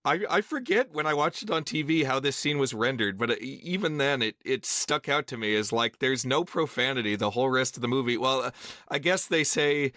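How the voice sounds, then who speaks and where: Bright-voiced male podcast co-host, dry sound. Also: medium pitch, animated, brisk, no echo. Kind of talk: casual film discussion.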